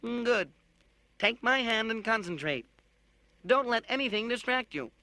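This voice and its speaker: A man voicing a haughty, irritable little male robot in an audiobook, with a high, clear, almost musical tenor and a pompous, condescending manner. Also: lively intonation, unhurried, sharp tone, dry recording, full character voice. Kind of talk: audiobook narration with character voices.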